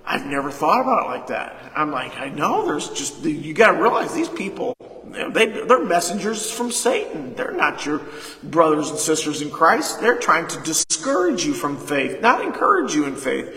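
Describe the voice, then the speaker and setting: A man preaching a sermon as pastor, leading call-and-response and retelling a conversation, with sudden loud emphasis. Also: on the high side, big pitch swings, moderate pace. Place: church sanctuary. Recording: echoey hall reverb.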